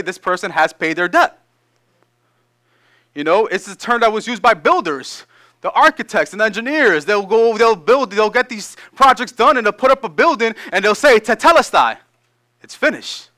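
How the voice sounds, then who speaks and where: Preaching in a bright, high, lively voice, the man reads scripture slowly and then explains it through casual, animated asides.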